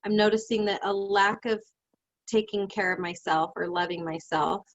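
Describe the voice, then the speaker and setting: A woman life coach leading a guided session over a video call, emotional and animated, laughing often as she talks. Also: medium pitch, normal speed, no room sound, lo-fi sound.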